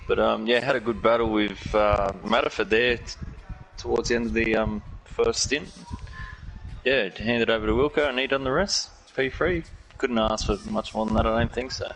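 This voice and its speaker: A man's voice: mid-range voice, steady tone, normal speed, fairly bright tone, a little hiss or hum, rough recording. A man, a sim racing driver, giving a laid-back, plainspoken account of his race. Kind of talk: post-race interview.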